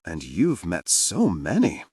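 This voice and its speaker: A blunt, teasing young woman played by a man in a fantasy audiobook. Her lines come slow and dry, unimpressed and plain-spoken, with a husky grain. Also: deep voice, wildly swooping pitch, a little mellow, no room sound, exaggerated voice.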